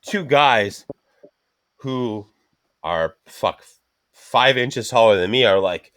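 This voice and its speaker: A man's voice: medium pitch, slow pace, long pauses, no room sound, studio quality. A man on a podcast telling a rambling, profanity-filled story and acting out the other people in it. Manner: profane, animated storytelling with acted quotes. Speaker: podcast co-host. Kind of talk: casual chat, storytelling.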